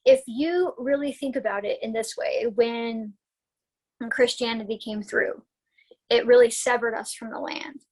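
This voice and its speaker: A woman's voice: fairly high pitch, a little slow, low-quality recording. A woman herbalist talking as a guest in a casual interview while she recovers from a concussion. She rambles in a chatty way, with many restarts, and laughs often.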